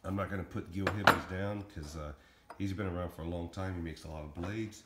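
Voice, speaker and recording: A man's voice: sits low, steady tone, a bit bright. A middle-aged man casually showing and reviewing his throwing knives, rambling with lots of ums. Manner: rambling, many ums, talks fast and plainly. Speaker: knife-throwing hobbyist reviewing his blades. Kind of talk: casual show-and-tell vlog. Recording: echoey room with faint noise.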